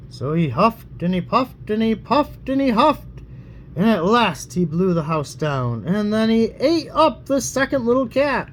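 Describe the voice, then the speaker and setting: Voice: medium pitch, big pitch swings, a little slow, a little hiss or hum. An adult reading a fairy tale aloud to a child at home, in a playful, teasing storytelling manner. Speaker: bedtime story reader.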